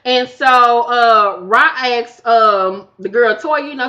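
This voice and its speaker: A woman giving a casual, profane episode review, acting out the cast's lines in animated bursts. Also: a little high, unhurried, few pauses. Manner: animated, profane, acts out quotes. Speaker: reality TV recap vlogger. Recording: dull lo-fi home recording.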